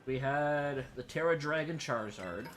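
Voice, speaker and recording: A man's voice: a little high, moderate pace, fairly bright tone, soft background music. A tired man streaming a game, rambling with lots of fillers and restarts, drifting into a put-on British-sounding accent. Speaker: livestreaming gamer. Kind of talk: casual gameplay commentary.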